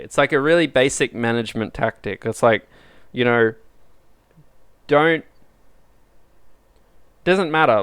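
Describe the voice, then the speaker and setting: A man lectures students in a loose, chatty way, acting out bits of dialogue between teammates. His voice is smooth and clear at an ordinary middle pitch. The sound is dry and close, with no room echo. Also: a bit bright. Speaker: university lecturer. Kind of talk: casual live-streamed lecture.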